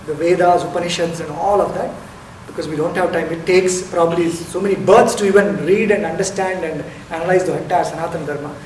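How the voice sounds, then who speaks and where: A man's voice: on the high side, fairly even intonation, fairly quick. A man giving a spiritual lecture as a meditation teacher, explaining step by step, asking rhetorical questions and stressing key words. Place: lecture hall. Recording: roomy hall, distant mic, faint noise.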